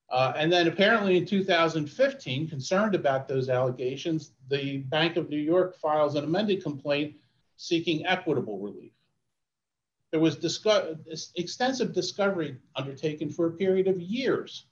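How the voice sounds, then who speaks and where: A man, an attorney, giving a formal oral argument in court, measured and often restarting his phrases. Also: a little high, echoey room, highs cut off. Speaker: attorney arguing an appeal.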